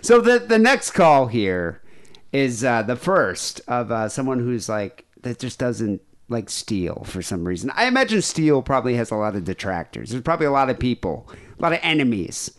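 This is a man hosting a call-in podcast, talking loosely and circling back on himself. His pitch moves up and down a lot as he riffs between calls, never quite landing a sentence cleanly. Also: sing-song, normal speed. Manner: rambling, loose, frequent fillers and restarts. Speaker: podcast host. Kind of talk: casual call-in show chat.

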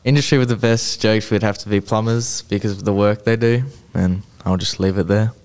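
A man's voice: fairly low pitch, steady tone, brisk, a little mellow. A teenage man, a carpentry student co-hosting a podcast and putting plain questions to the others.

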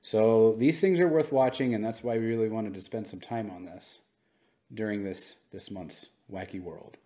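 A man co-hosting a podcast, talking through the news in unscripted commentary, animated and conversational, sometimes slipping into mock voices to make a point. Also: lowish voice, moderate pace. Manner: conversational, fillers and restarts. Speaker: podcast co-host.

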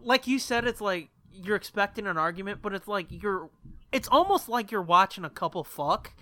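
A man's voice: high-pitched, animated, moderate pace, bright, forceful tone. A man co-hosting a podcast, rambling through a story with lots of swearing and laughter. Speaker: podcast co-host. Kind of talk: casual storytelling chat.

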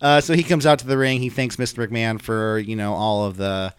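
A man's voice: fairly low pitch, steady tone, a little fast, clear, resonant tone, dry recording, studio quality. A man co-hosting a casual podcast, recapping events step by step with jokes and many filler words. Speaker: podcast co-host. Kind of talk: casual wrestling show recap chat.

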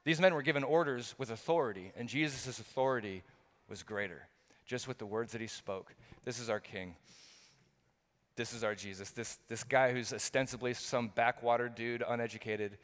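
A middle-aged man preaching a sermon as pastor, talking earnestly and emphatically with frequent restarts, swinging between loud bursts and quiet, low moments. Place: church hall. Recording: long hall reverb.

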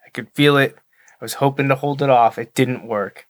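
A man's voice: medium pitch, steady tone, moderate pace. A man co-hosting a movie podcast with his wife, talking in a casual, dry and self-deprecating way while enunciating carefully. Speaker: podcast co-host. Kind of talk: casual chat.

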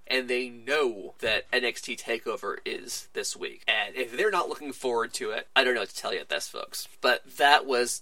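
A man hosting a wrestling podcast, recapping a show in a casual, animated way and acting out the wrestlers' lines as he goes. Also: mid-range voice, no echo.

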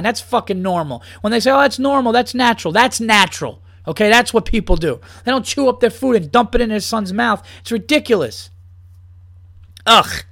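A man's voice: high voice, a bit bright, no echo, clean studio sound. A man, a stand-up comedian hosting his own podcast, ranting with heavy swearing and then rattling off his upcoming gigs with lots of ums. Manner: heated, profane ranting; loose, filler-heavy when announcing gigs. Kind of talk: solo podcast rant and show plugs.

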